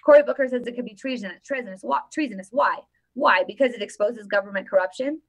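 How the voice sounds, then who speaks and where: A woman vlogger giving casual live-stream political commentary, emphatic and animated, often repeating her phrases. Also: fairly high pitch, fast talker.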